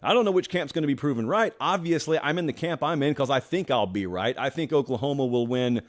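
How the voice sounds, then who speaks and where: A man's voice: mid-range voice, lively intonation, quick pace. A man hosting a college football show, giving opinionated solo commentary in a conversational way, posing rhetorical questions. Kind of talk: solo sports talk commentary.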